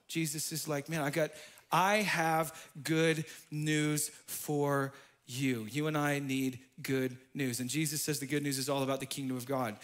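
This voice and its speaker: High, bright-voiced animated pastor. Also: male voice. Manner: animated, swings from soft asides to loud exclamations. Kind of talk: energetic sermon. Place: church.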